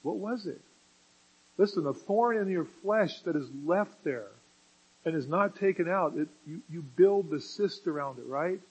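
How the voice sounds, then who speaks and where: A man preaching a sermon, moving from quiet explanation to loud, emphatic passages. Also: sits high, animated, measured pace, breathy edge, low-quality recording.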